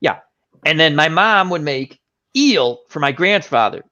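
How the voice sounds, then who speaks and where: A man hosting a casual chat, telling an animated anecdote and acting out the voices of the people in it. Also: on the high side, measured pace. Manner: animated anecdote teller, acts out quoted voices. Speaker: host. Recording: dull lo-fi stream audio.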